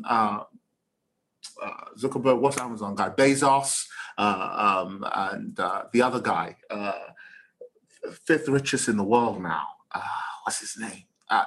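A man's voice: medium pitch, a little slow, a bit bright. Emphatic man giving a motivational talk. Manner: emphatic, repetitive, preachy. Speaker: motivational speaker.

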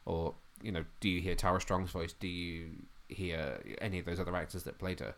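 A man's voice: sits low, fairly even intonation, a little fast, a bit bright. A man co-hosting a podcast, asking curious questions in a casual chat about comics. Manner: curious, asks lots of questions. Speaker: podcast co-host.

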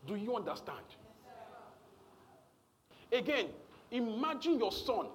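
A man's voice: high voice, very animated, slow, long pauses, slight background noise. A man preaching a sermon, emphatic and repetitive, often checking in with the congregation.

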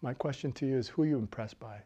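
Animated middle-aged woman preaching. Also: extremely low pitch, fast talker, lo-fi sound. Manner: animated preaching, swings from loud exhortation to quiet intensity, laughs often. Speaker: pastor. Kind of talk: sermon.

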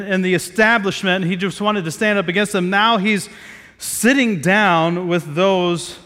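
A man's voice: high-pitched, pushed and bright, in a large hall. A man from Southeast Ohio preaching a sermon in a conversational way, with many fillers and restarts, gathered outdoors in a square.

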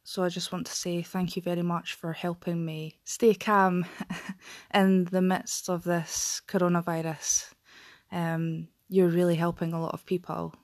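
Low, flat-voiced grateful woman. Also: measured pace, no echo, clean studio sound. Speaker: listener leaving a voice message. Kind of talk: recorded voice message.

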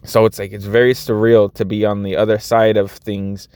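A man in his thirties chats to his vlog viewers in a low, smooth, clear voice. He is earnest and rambles, doubling back over his words. The sound is dry and close. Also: level tone, moderate pace, darkish tone, dry recording. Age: 30s. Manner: rambling, earnest, frequent restarts and fillers. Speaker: vlogger and after-school teacher. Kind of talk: casual vlog talk to viewers.

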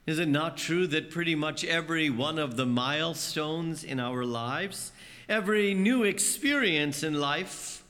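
A priest preaches a homily in church, telling stories and acting out voices with big pitch swings, under long church reverb. His voice is a bit bright with lively intonation, and he speaks a little slowly.

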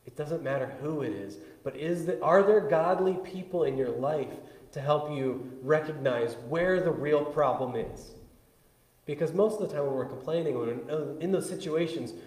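A man pastor preaching a conversational sermon, swinging between loud bursts and hushed asides. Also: a little high, moderate pace. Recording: echoey hall with long reverb.

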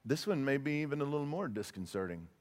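A man's voice: mid-range voice, big pitch swings, fast, a little mellow, big-room sound. A male pastor preaching a sermon, earnest and emphatic, often repeating words as he presses a point. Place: church sanctuary.

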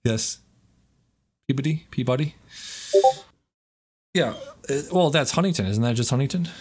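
This is a man with a New York accent, co-hosting a casual podcast chat. He laughs often and swears freely, in a voice of middling pitch. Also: animated, normal speed. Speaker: podcast co-host.

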